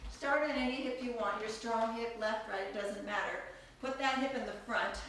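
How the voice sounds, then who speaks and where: A woman's voice: fairly high pitch, slight background noise. Woman counting beats in an echoey studio. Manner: counts beats aloud, laughs often, chatty. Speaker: belly dance teacher. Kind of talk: live online dance class instruction. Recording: echoey room, distant from mic.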